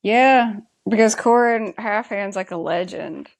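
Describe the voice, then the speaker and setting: Woman, Southern US accent, podcast co-host, gravelly fry, dry close sound. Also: medium pitch, unhurried, no echo. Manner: agreeable, short affirmations, dry remarks. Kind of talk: casual chat recapping a TV episode.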